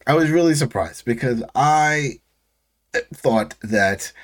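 A man recapping a TV episode in a casual chat. His voice sits at an ordinary middle pitch. He rambles loosely and jumps into quick acted-out lines from the characters. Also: lively intonation. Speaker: podcast co-host.

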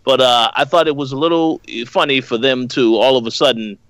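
A man with a bright, forceful voice recorded dry and close. He is co-hosting a casual discussion and works through his points one at a time in a measured way. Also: medium pitch, no echo. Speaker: podcast co-host.

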